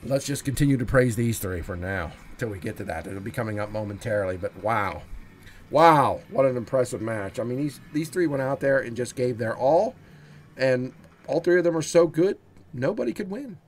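A man's voice: mid-range voice, animated, moderate pace. Male solo wrestling commentator, enthusiastic, conversational, addresses viewers. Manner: enthusiastic, chatty, talks straight to viewers.

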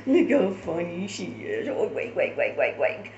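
A woman filming her dogs at home, chatting and using high sing-song baby talk with them. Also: wildly swooping pitch, slow pace, lo-fi sound. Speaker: dog owner filming her pets. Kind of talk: casual chat to dogs. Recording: echoey room with loud background noise.

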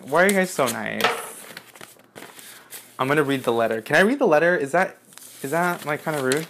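An excitable young man in his twenties, talking through a casual unboxing vlog at home. His voice sits in a middle pitch, drops lower and quieter for asides, and shoots into high squeals when he's delighted. He swears freely. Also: moderate pace, long pauses, a little hiss or hum. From United States. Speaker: YouTuber opening fan mail. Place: indoors at home, apartment.

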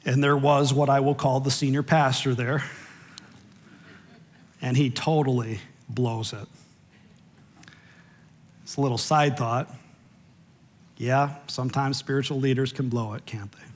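An American man preaching a sermon as pastor in a church, animated, with sudden drops to a low, quiet voice for asides. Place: church sanctuary.

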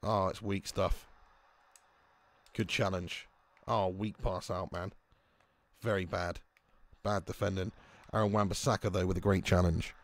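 A young man streaming a football video game, excitedly commenting, swearing at his players and greeting viewers in chat. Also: deep voice, unhurried, pauses often. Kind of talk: live game commentary and chat shout-outs.

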